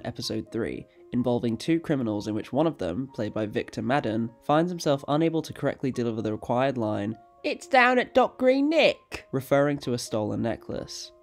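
A man reading a scripted documentary narration in a steady, informative way. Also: medium pitch, fairly quick, hardly any pauses, soft background music. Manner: steady, informative reading with a brief apology for mispronouncing.

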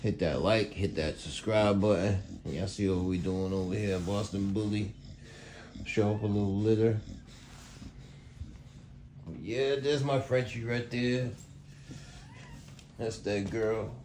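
A man's voice: fairly low pitch, fairly even intonation, slow pace, pauses often, mellow, slight background noise. A man casually vlogging about his dog kennel, rambling and laid-back, talking to viewers with lots of y'all and man. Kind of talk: casual vlog. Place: indoors at home kennel.

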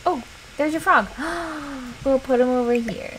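A woman's voice: high-pitched, a little slow, noisy background. A woman hosting a casual let's play, animatedly talking to her game character and reading game text aloud.

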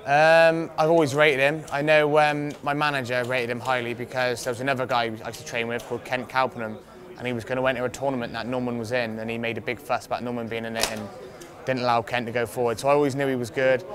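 A man's voice: mid-range voice, flat delivery, quick pace. A young man, a fighter, telling a rambling anecdote in a casual interview, swearing freely and laughing often. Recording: crowd noise outdoors.

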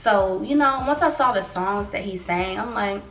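Animated young woman vlogger, roomy sound. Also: mid-range voice, normal speed, distant mic. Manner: animated, acts out quotes, addresses viewers as y'all. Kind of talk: casual storytelling vlog.

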